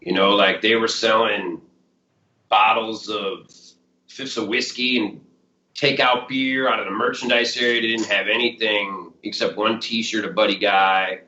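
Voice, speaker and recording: A man in his fifties with a Chicago accent, speaking a little low with a bright, sharp edge. He rambles through a casual interview story, leaning on "like" and "you know". The sound is roomy and dull, lo-fi. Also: steady tone, a little slow. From Chicago area. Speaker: blues musician guest.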